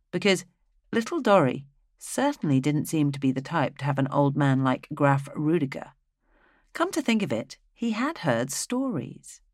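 An audiobook narrator reading a fantasy novel in an even, steady storytelling manner into a close mic. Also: medium pitch, dry recording.

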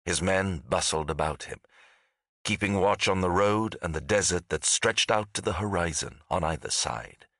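A man reading fantasy fiction aloud as an audiobook narrator, with a measured, dramatic storytelling delivery. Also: low voice, fairly bright tone, no room sound, studio quality.

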